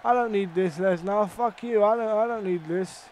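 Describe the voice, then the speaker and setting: A high-pitched man narrates his own wrestling gameplay in an excitable let's-play style. He swears freely and bursts into loud yells, with a faint hiss of noise under the voice. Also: normal speed. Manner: excitable, swears a lot, sudden loud outbursts. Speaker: gaming YouTuber.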